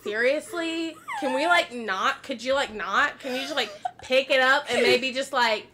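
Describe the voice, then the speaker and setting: A woman voicing an exasperated young woman who pleads in whiny, drawn-out questions for a messy eater to stop. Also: high voice, noisy background, natural voice.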